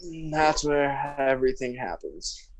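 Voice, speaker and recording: A man's voice: medium pitch, measured pace, a crowd in the background, low-quality recording. Profane young man telling a story. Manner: profane, animated storyteller acting out quotes. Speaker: podcast co-host. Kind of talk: casual storytelling chat.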